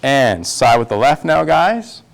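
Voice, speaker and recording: A man's voice: mid-range voice, big pitch swings, unhurried, creaky. A male tango instructor teaching a dance class, counting the steps aloud as he demonstrates them. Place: dance studio.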